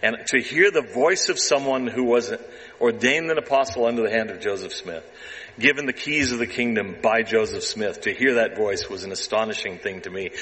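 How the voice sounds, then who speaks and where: A man's voice: lowish voice, a bit bright, in a large hall, rough recording. A man giving an earnest presentation to an audience about a documentary, closing with a heartfelt personal testimony. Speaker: documentary producer speaking to an audience.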